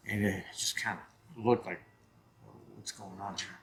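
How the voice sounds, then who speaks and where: Vlog host, man in his 50s, husky voice, earnest and emphatic storyteller. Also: fairly low pitch, fairly even intonation, measured pace, fairly bright tone. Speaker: channel host.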